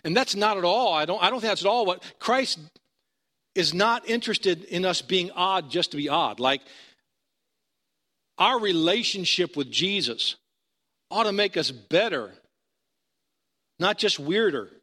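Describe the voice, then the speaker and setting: A man's voice: sits high, lively intonation, unhurried, pauses often, sharp tone. A male pastor preaching a sermon in a conversational storytelling manner, building to emphatic points.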